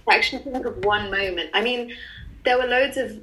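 A woman's voice: a little high, brisk, pushed and bright, low-quality recording. A young woman with an Irish accent, a drama student chatting casually as a podcast guest, laughing often and filling with "um" and "like". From Ireland. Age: young adult. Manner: chatty, laughing, lots of fillers. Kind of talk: casual chat.

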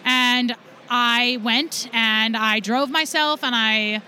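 A woman's voice: a little high, fairly even intonation, takes it slowly, bright, forceful tone, a little hiss or hum. A woman guest on a podcast telling her story with enthusiasm. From USA. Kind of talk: podcast interview.

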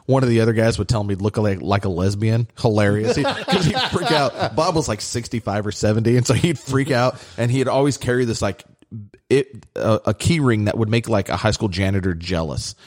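A man in casual comedic chat as a podcast co-host, teasing and quick with jokes. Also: lowish voice, darkish tone.

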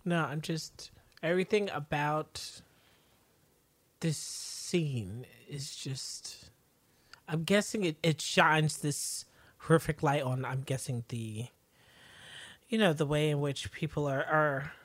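A woman's voice: low-pitched, lively intonation, slow pace, dry recording. A woman co-hosting a casual recap podcast, thoughtful and hesitant, searching for her words. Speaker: podcast co-host.

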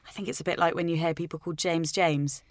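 Woman co-host in casual chat, chatty with quick asides, lower voice, dry studio sound. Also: fairly even intonation, no room sound. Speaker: podcast co-host.

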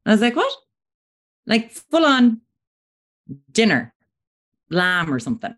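An Irish woman in her thirties co-hosting a casual chat podcast, telling animated stories and acting out what people said. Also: a little high, unhurried, long pauses. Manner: animated storyteller, acts out quotes. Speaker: podcast co-host.

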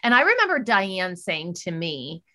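A middle-aged woman with a mid-range voice chats as a podcast co-host. She tells stories casually, growing animated when she quotes other people. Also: fairly low pitch, normal speed. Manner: chatty storyteller, animated when quoting others. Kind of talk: casual chat.

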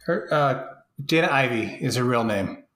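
A podcast co-host tosses dry jokes and mock outrage into a movie recap. The voice sits at a middle pitch but swoops widely, sometimes jumping high for a gag. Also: lively intonation, moderate pace, fairly bright tone. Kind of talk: casual movie recap chat.

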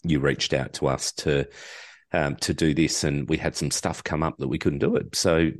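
A man with an extremely deep, low voice chats casually as a guest podcast co-host. His humor is dry and deadpan. The sound is dry and close, with no room around it. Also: moderate pace, no room sound.

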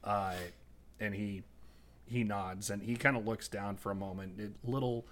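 A man narrating as game master, unhurried and searching for his words. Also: lowish voice, fairly even intonation, fairly bright tone.

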